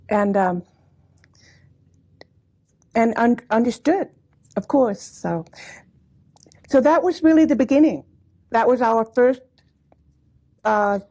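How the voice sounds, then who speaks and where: A woman with a high, mellow, creaky voice shares family stories at a commemorative gathering. Her storytelling talk, given in a hall before a live audience, is chatty and warm, with frequent laughter and asides.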